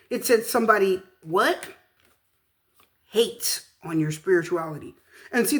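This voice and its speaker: A woman's voice: a little high, echoey room. Chatty woman giving a tarot reading. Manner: chatty, emphatic, repeats points to viewers. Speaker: tarot reader. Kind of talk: casual tarot reading to camera.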